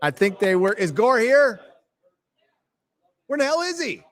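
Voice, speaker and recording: He has a very high voice with big pitch swings, a measured pace and a slightly bright tone. He's hosting a laid-back livestream at a fandom bar, reading out donations and chat, swearing freely and laughing a lot.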